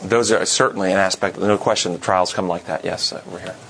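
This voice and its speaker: A man's voice: sits low, fairly even intonation, a little fast, fairly bright tone, a little hiss or hum, poor audio. Earnest man leading a Bible class. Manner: earnest, questioning the group, repeats words for emphasis. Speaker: Bible study leader. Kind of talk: teaching a Bible study class.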